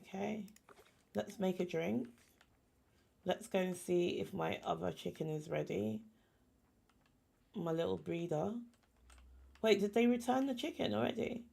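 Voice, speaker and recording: Slow-talking, gravelly woman streamer. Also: mid-range voice, mellow. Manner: chatty, talks to herself and the game's animals. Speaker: game streamer. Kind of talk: casual gameplay chat.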